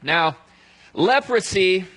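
A male pastor giving a conversational sermon, telling the story aloud and dropping to a hush at solemn moments. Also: high voice, sing-song, takes it slowly, low-quality recording.

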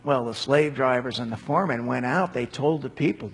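Husky man teaching in an echoing hall. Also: medium pitch, fairly quick. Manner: conversational with asides and acted quotes. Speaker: Bible teacher. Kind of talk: casual Bible commentary. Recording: long hall reverb.

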